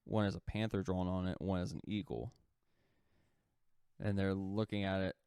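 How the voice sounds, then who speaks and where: Male podcast co-host, low smooth voice, loose casual storyteller who acts out his quotes. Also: steady tone, normal speed, darkish tone, no room sound. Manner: rambling, heavy use of "like" fillers; swearing, acts out quoted lines.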